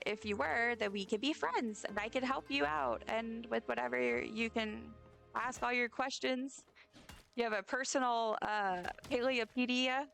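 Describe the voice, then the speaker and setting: This is a young woman's live-stream banter during a game: chatty, meandering, and aimed right at her viewers. Her voice sits fairly high, with a gravelly texture and a touch of brightness.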